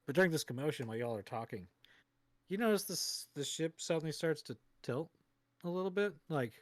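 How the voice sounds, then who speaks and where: Game master, man, casual narration, slightly high voice, dry close sound. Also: animated, a little fast, no room sound. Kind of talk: narrating a tabletop game on a live stream.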